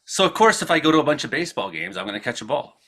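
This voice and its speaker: A man from Canada, hosting a casual talk show, telling a rambling, profane story with frequent laughs and acted-out shouted quotes. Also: medium pitch, big pitch swings, racing, a little hiss or hum. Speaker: podcast host.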